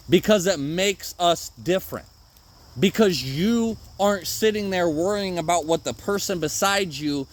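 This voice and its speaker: A man's voice: high-pitched, a bit bright. A man hosting a podcast, giving a rambling, profane motivational monologue outdoors in the woods in the rain. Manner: rambling and profane, swears often, jokes at himself. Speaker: podcast host.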